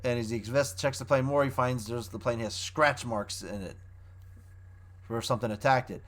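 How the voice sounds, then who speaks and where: A man's voice: mid-range voice, moderate pace, fairly bright tone. A man reviewing a show in a casual, rambling way, often restarting his sentences as he recaps the plot.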